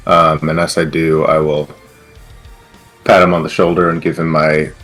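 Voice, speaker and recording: A man's voice: rumbling low, fairly bright tone. A man playing a tabletop game, describing his character's moves in an easygoing way. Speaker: player.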